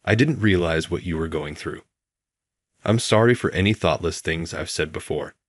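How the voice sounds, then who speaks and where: A man voicing a struggling young female coworker who speaks softly and apologetically. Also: low voice, normal speed, no echo, studio quality. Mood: tearful. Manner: apologetic, soft-spoken. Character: struggling young woman coworker, timid and tearful.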